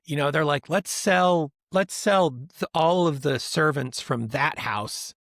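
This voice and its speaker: A man co-hosting a podcast in casual chat, rambling and animated, often mimicking other people's voices for laughs. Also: a little high, slow, dry recording, studio quality. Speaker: podcast co-host.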